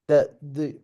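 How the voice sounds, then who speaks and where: A man hosting a podcast in a reflective conversation. His voice is dark and mellow, and he speaks very slowly and thoughtfully. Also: on the high side, breathy edge.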